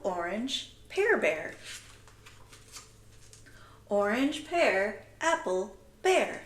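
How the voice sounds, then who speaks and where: A woman's voice: fairly low pitch, fairly bright tone, roomy sound. A woman music teacher explaining a classroom lesson step by step in an upbeat, instructional way. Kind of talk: instructional video.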